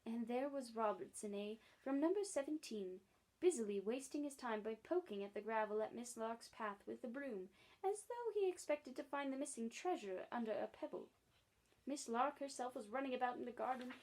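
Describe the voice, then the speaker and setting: A librarian reading a children's storybook aloud, stumbling and restarting now and then, lightly voicing the characters. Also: female voice, on the high side, lively intonation, normal speed, darkish tone, low-quality recording. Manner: reads with frequent slips and restarts, voices characters lightly.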